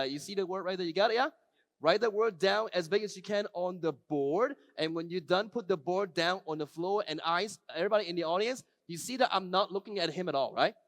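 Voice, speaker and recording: A man giving a live keynote talk, running a magic trick with a volunteer before an audience, shifting from soft, slow passages to loud, excited calls. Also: high-pitched, dry recording.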